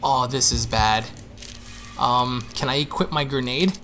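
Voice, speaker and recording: A young man giving excitable, panicky let's play commentary, repeating himself as he goes. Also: medium pitch, unhurried, faint music behind. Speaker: gaming streamer.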